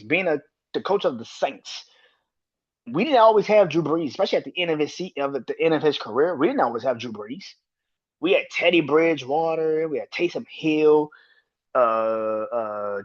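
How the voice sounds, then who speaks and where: A man hosting a solo sports podcast, talking in an animated, profane, exasperated way. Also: fairly high pitch, highs cut off. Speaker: podcast host. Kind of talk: solo sports commentary rant.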